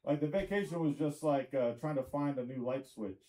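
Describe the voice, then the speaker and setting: A man's voice: fairly high pitch, brisk, warm tone, poor audio. A man from Tennessee doing a rambling stand-up comedy set in a comedy club, with crowd work and lots of fillers.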